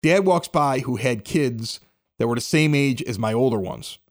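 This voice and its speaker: A man's voice: medium pitch, animated, moderate pace. A man in his forties hosting a podcast, reading local announcements and rambling through stories with acted-out voices. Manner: rambling storyteller, acts out quoted voices. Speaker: podcast host. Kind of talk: casual chat and local announcements.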